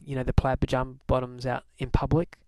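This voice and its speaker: A man chatting casually to camera as a vlogger, relaxed and full of fillers. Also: medium pitch, fast talker, dry recording.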